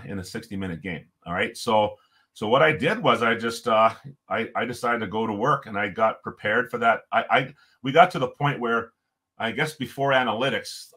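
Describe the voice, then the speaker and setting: Middle-aged man with a low voice, lively storyteller who chuckles often, podcast guest. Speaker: podcast guest, former hockey coach. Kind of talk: storytelling in conversation.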